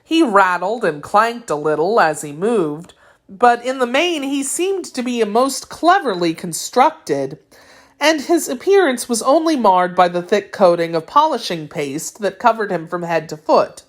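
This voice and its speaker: A woman narrating a classic children's storybook with clear, expressive reading. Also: medium pitch, measured pace. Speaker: audiobook narrator.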